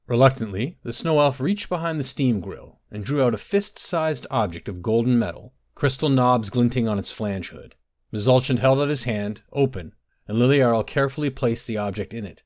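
An audiobook narrator, a man, reads a scripted fantasy story in an expressive storytelling style. His voice is mid-range and his pace moderate.

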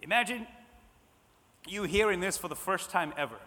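High-voiced guy preaching, bright tone, long reverb like a church hall, goes loud then hushed. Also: lively intonation, normal speed. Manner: repetitive, swings between loud emphasis and soft hushed lines. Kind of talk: sermon.

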